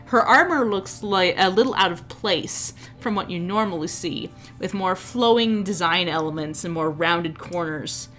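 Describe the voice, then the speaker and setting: A woman's voice: lowish voice, fairly bright tone. A woman narrating a tabletop game as game master, describing scenes with frequent restarts.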